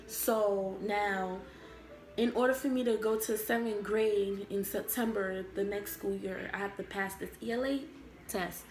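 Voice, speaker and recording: A woman's voice: mid-range voice, steady tone, unhurried, a little mellow, faint music behind. Chatty young woman vlogger, echoey room. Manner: rambling, filler-heavy storytelling. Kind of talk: casual storytime.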